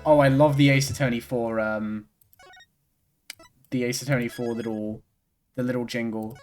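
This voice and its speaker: Excitable man streaming a game. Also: mid-range voice, moderate pace, soft background music. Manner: excitable, laughing, swearing. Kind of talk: casual game commentary.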